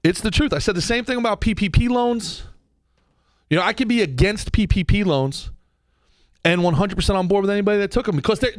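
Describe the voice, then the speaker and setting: A man hosting a podcast, ranting comedically with profanity and quick mock voices. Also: high voice, dry recording. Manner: animated, profane, jumps between impressions and mock voices. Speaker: podcast host. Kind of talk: comedic rant.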